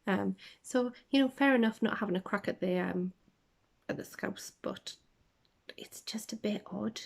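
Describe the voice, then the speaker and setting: A woman's voice: mid-range voice, unhurried, vocal fry. Rambling chatty woman podcaster on a phone. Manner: chatty, rambling, lots of ums and tangents; drops to a soft half-whisper at times. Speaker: podcast host. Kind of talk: casual chat about books.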